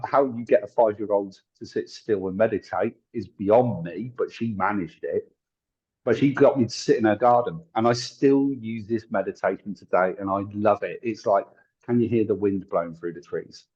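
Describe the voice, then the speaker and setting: Low, husky, and darkish in tone, a middle-aged man swaps stories as an interview guest, drawing on his work as a tarot reader and psychic medium. He's chatty, laughs a lot, and acts out quoted voices, all through dull lo-fi call audio.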